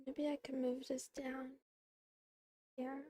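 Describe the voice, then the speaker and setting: A woman streamer chatting casually with her viewers in a soft, playful, giggly way. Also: high-pitched, flat delivery, slow pace.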